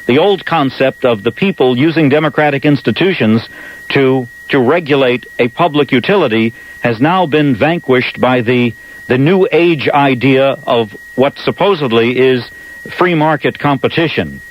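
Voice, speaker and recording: On a talk radio show, a New York-accented host with a mid-range voice and lively intonation speaks at normal speed, delivering a monologue and taking calls. He talks emphatically, repeating words to press a point, and the archival AM audio sounds dull with faint hiss.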